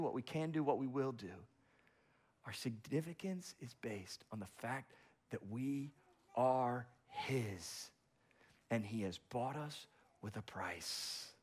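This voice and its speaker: A man preaching a sermon as pastor, driving his points home with repetition and rhetorical questions. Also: medium pitch.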